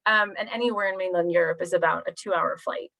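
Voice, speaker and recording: A woman's voice: on the low side, steady tone, fast talker, creaky, a bit bright. A woman from Pennsylvania in her thirties, giving a chatty, informal presentation on a video call. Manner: chatty, friendly, lots of fillers. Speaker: university recruitment presenter.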